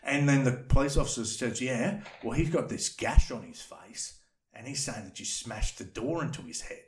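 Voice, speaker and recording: A man's voice: mid-range voice, moderate pace, echoey room. Rambling guy telling a story. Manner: rambling, animated, swears freely. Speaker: podcast guest telling a story. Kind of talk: casual storytelling.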